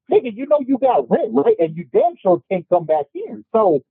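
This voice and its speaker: Man ranting, high and lively, phone-like. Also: normal speed, creaky, few pauses, slightly rough, no echo. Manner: animated, profane ranting. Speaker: podcast panelist. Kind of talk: casual podcast discussion. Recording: tinny phone-like, dry sound.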